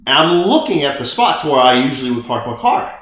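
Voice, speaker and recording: A man's voice: medium pitch, very animated, quick pace, a bit bright. A man on a podcast telling a long casual story, full of fillers and restarts. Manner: rambling, many fillers, laughs often. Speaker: podcast co-host. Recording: echoey room.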